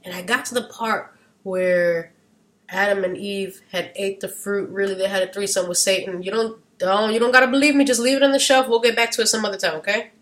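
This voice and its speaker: A woman vlogger talking casually, wandering off into side rants, losing her train of thought, and getting loud at times. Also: medium pitch, fairly quick. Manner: animated, gets loud at times. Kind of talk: casual rambling monologue.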